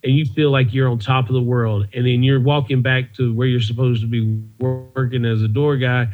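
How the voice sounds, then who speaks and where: A man's voice: mid-range voice, flat delivery, moderate pace, faint music behind. A man, a comedian, telling stories casually in an interview, rambling and laughing as he goes. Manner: rambling, laughs often, frequent restarts. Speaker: comedian and former comedy club door guy. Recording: dull lo-fi audio.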